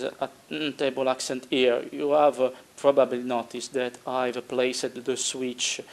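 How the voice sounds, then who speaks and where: A hobbyist who isn't a native English speaker walks through his build step by step in a casual how-to while he works. His medium-pitched narration is hesitant, full of filler sounds and self-corrections.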